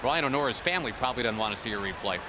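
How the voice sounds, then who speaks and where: A man's voice: medium pitch, expressive, very fast. A man doing play-by-play commentary on a baseball broadcast, joking and chatty between plays. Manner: joking, conversational. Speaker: play-by-play announcer. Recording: loud crowd and noise behind. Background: ballpark crowd.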